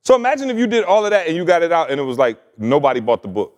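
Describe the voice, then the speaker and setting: A man's voice: on the high side, racing. A man co-hosting a podcast, chatting casually in a teasing, playful, hyped-up way. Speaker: podcast co-host. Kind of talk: casual chat.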